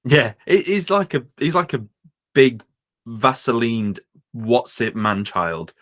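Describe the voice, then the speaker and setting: A man's voice: mid-range voice, very animated, fairly bright tone. A man co-hosting a casual political podcast, opinionated and mocking. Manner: opinionated, mocking, slips into quick impressions. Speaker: podcast co-host.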